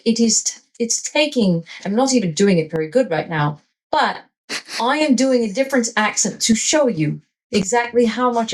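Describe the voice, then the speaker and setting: A man's performance run through an AI voice changer into a flirty, sensual temptress woman with a smooth synthetic sound, speaking in a measured, unhurried way. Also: a little high, pitched above the performer's own voice, poor audio.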